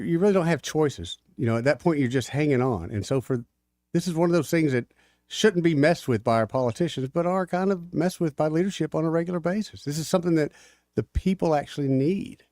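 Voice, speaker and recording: A man's voice: a little high, brisk, darkish tone, no echo, clean studio sound. A man co-hosting a talk radio show, giving blunt, opinionated takes in a casual chat. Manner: blunt, opinionated, laughs easily. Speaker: radio co-host. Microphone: studio microphone.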